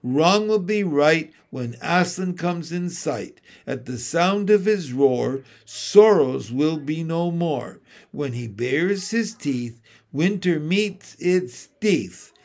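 A man reading as a gruff, gloomy talking beaver. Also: a little high, expressive, slow, a little mellow, pitched above the performer's own voice. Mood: hearty.

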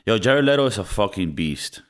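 A man co-hosting a casual movie review podcast, talking in an animated way with swearing and mock voices. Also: on the low side, fairly quick. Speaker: podcast co-host.

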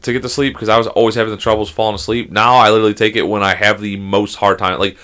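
A young man talks fast with a bright, forward tone. He chats casually on a podcast, swearing freely and telling animated stories. He often drops into mocking impressions of other people. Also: lowish voice. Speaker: podcast co-host. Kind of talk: casual chat.

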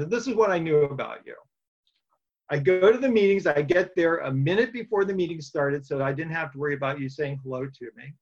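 A man's voice: on the high side, lo-fi sound. Plain-spoken man telling his story. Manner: plain-spoken storytelling with dry humor and many fillers. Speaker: recovery meeting speaker. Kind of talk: personal testimony to a meeting.

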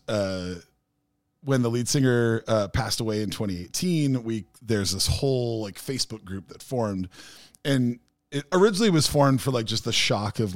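A man's voice: on the low side, dry recording. A man hosting a podcast, telling rambling stories in casual chat with lots of fillers. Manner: rambling storyteller, many fillers. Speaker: podcast host.

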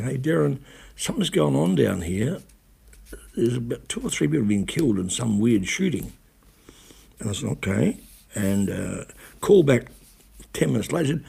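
A man's voice: mid-range voice, gravelly, dark tone, slightly rough. A man, a radio broadcaster, recounting events in a rambling, self-correcting way with blunt swearing. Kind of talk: casual spoken recollection.

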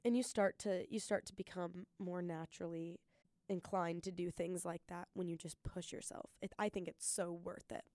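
A young woman hosting a solo podcast, giving an earnest, excited pep talk and talking fast. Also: fairly low pitch, no echo. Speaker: podcast host.

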